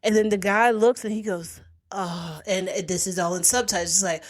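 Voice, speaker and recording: Podcast lady chatting about a tv show, mid-pitch voice, acts out everyone's lines. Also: normal speed. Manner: lively storyteller who acts out the characters' quoted lines. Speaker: podcast host. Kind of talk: casual chat, retelling a TV episode.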